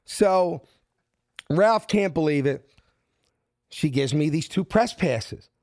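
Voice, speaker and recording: A man tells a story from his youth in an animated, street-smart way. He slips into different voices for each person he quotes. His voice sits a little high, and the sound is close and dry. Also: takes it slowly, dry recording. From South Philadelphia. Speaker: guest. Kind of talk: casual storytelling.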